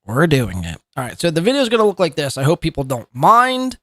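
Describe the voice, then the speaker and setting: A man's voice: a little high, huge pitch swings, quick pace, pushed and bright, dry recording, clean studio sound. A man hosting a live commentary podcast, talking in a profane, mocking and rambling way. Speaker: podcast host.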